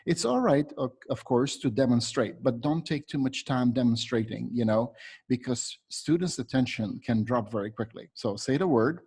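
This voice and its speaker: A man's voice: mid-range voice, normal speed, a little mellow, breathy edge. A man training teachers, patiently explaining a classroom method step by step and demonstrating words aloud.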